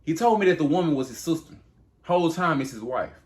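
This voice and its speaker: A man's voice: fairly high pitch, animated, fast, close to an everyday voice. A man voicing an ancient king who protests his innocence and complains in slangy modern speech. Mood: indignant.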